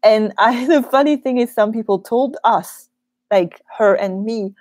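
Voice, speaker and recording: A female French teacher with a French accent chats in a live Q&A from a small office studio, laughing easily between frequent ums. Her voice is a little high, slightly slow and a bit mellow, with no room sound.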